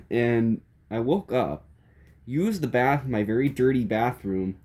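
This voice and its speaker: A man's voice: medium pitch, expressive, takes it slowly, a little mellow. A man narrating a silly comedic story in a playful, chuckling way.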